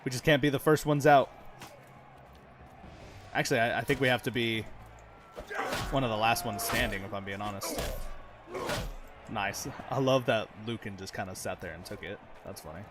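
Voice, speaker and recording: A man's voice: lowish voice, normal speed, long pauses, music in the background. A man giving casual, chatty commentary over his own gameplay, swearing freely and laughing often as he talks to his viewers. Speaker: gaming channel host.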